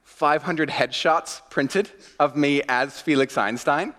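A pastor giving a sermon, telling a self-mocking personal story in a chatty way and leading a short prayer. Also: male voice, a little high, slow, fairly bright tone. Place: church sanctuary. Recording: long reverb of a church hall.

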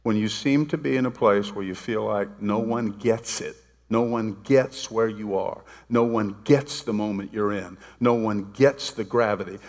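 A man's voice: mid-range voice, vocal fry. A man preaching a sermon, talking to the congregation in a conversational way, with dramatic retellings and playful asides. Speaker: pastor. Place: church sanctuary. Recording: long reverb of a large hall.

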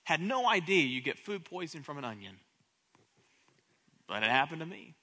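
A man preaching a sermon in a high, bright voice. His delivery is impassioned, dropping to a hush and then climbing loud, and he often stumbles over repeated words as he starts a thought. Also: sing-song, moderate pace. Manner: impassioned preaching, swings between hushed and loud. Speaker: pastor.

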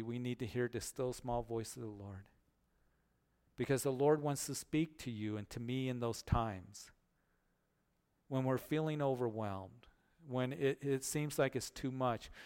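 A man's voice: mid-range voice, clear, resonant tone. Man teaching a verse-by-verse sermon. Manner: earnest, reads scripture aloud and retells stories. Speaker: pastor.

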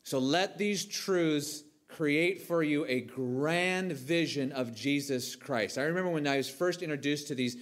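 A man's voice: on the high side, a little slow, few pauses. A man preaching a sermon with emphasis, asking his listeners questions and answering them himself.

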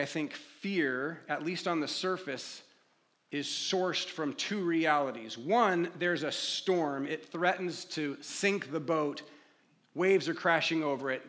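A man preaching a sermon as a pastor, talking conversationally and acting out pleading prayers. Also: a little high. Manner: conversational preaching, acts out pleading prayers, drops to quiet reflective tone.

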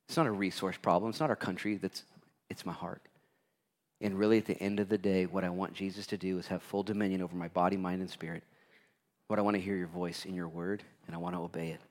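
Man preaching with big loud-soft swings. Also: fairly low pitch. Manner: swings from loud preaching to near-whispered asides; acts out quoted dialogue with God. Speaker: pastor. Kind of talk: sermon.

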